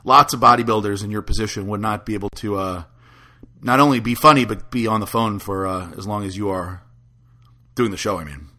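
A man hosting a podcast in a casual chat, chatty and quick to laugh as he retells stories. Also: fairly low pitch, pushed and bright. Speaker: podcast host.

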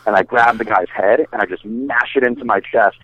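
A man's voice: fairly low pitch, fairly even intonation, fairly quick, fairly bright tone. A man, a bodybuilder guest, telling a story in a casual, rambling way, full of fillers and swearing. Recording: dry, tinny phone-like sound.

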